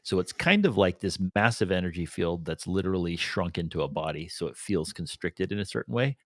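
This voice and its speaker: A man with a very low voice speaks reflectively about spiritual ideas. The sound is dry and close, with no room echo. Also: lively intonation, fairly quick. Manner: reflective and spiritual, with short affirmations. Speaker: podcast co-host. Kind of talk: casual conversation.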